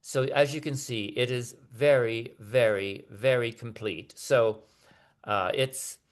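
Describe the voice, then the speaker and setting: A man's voice: medium pitch, takes it slowly. A man giving an academic lecture over a video call, talking hesitantly with many fillers and restarts.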